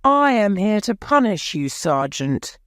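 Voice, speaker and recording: A woman's voice: mid-range voice, very animated, unhurried, fairly bright tone, no room sound, studio quality, pitched above the performer's own voice. A woman voicing a bold, mocking masked male hero in an audiobook, taunting his foes. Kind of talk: audiobook character voice.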